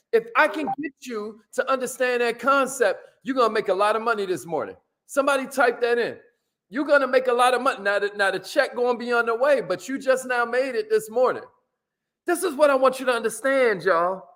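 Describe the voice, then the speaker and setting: In a very high-pitched voice, a man hosts a live motivational stream with casual energy. He welcomes viewers by name and keeps repeating his key lines.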